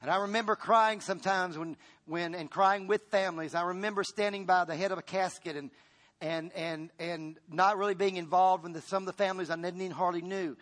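A man preaching a sermon as a pastor. His delivery swings from loud to hushed, and he repeats words and restarts phrases as he goes. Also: high-pitched, fairly even intonation, brisk.

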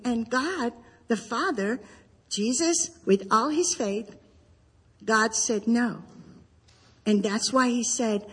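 High-voiced woman telling a faith testimony. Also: animated, slow, breathy edge, in a large hall. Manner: vivid storyteller who acts out remembered dialogue; earnest, exhorting. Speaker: speaker sharing a faith testimony. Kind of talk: Christian testimony talk to mothers.

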